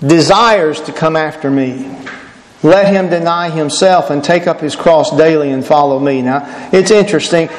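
A high-pitched man preaches with emphatic, repeated phrases. His voice rings through a large echoey hall with a long reverb tail. A faint hiss sits beneath it all. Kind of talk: sermon.

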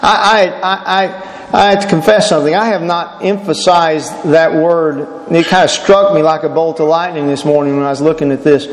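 A high-pitched man preaches with emphatic, repeated phrases. His voice rings through a large echoey hall with a long reverb tail. A faint hiss sits beneath it all. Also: steady tone, brisk. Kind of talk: sermon.

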